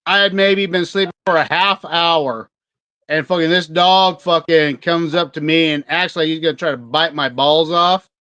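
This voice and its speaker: Pria bersuara tinggi yang bicara cepat dan kasar. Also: male voice, a little high, sharp tone, no echo, highs cut off. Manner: profane, fast-talking. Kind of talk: casual storytelling chat.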